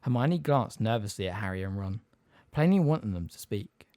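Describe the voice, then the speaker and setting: A man narrating an audiobook in an expressive storytelling style. His pitch moves lively up and down through the lines. The recording is dry and close, with no room sound. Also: moderate pace, no room sound. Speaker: audiobook reader. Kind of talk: scripted narration.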